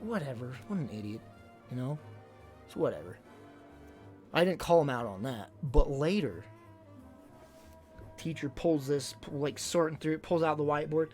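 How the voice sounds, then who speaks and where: A man streaming live, casually telling stories to his chat and acting out what people said. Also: on the high side. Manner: animated, acts out quotes loudly. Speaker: livestreamer.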